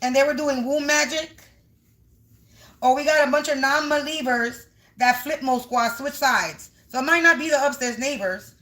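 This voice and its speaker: A woman's voice: high-pitched, moderate pace, fairly bright tone. A woman doing a casual spiritual reading on a livestream from home, emphatic and repetitive, talking straight to her viewers.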